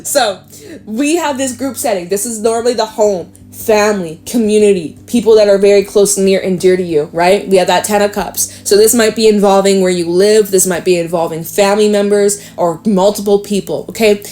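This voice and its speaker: A young woman doing a casual tarot reading, chatty and thinking out loud with sudden exclamations. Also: mid-range voice, steady tone, moderate pace, faint music behind. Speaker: tarot reader.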